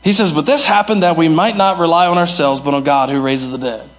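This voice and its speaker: Delivering his sermon briskly, this pastor alternates abrupt high-pitched shouting with quiet, low-voiced asides, and he imitates the people he quotes.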